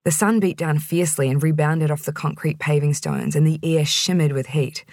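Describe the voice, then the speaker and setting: A woman's voice: deep voice, steady tone, normal speed, a little mellow, no room sound. A woman narrating a first-person audiobook in a dry, wry storytelling manner, close on the microphone.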